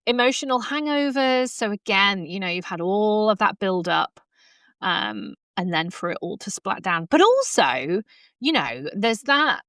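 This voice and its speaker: A horsemanship coach hosts her own coaching podcast from home in front of a laptop, using a laptop podcast mic. Her medium-pitched voice is sing-song, unhurried and a bit bright, with no room sound. She talks casually, with many fillers and frequent laughs.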